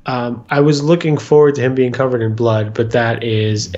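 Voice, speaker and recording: A man's voice: medium pitch, flat delivery, normal speed, darkish tone, muffled recording. A man from the American North co-hosting a podcast, recapping an episode with dry, wry jokes and plenty of ums. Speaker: podcast co-host. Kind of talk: casual chat, recapping an episode.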